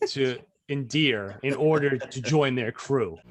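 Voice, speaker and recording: A man's voice: medium pitch, takes it slowly, crowd noise. A podcast co-host with a mid-range male voice who teases and needles the guest with crude jokes, in casual back-and-forth chat.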